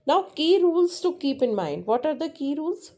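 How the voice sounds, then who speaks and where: A woman with an Indian English accent teaching a lesson, explaining patiently and repeating words slowly, sometimes switching into Hindi. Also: high-pitched, sing-song, dark tone. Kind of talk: classroom lesson.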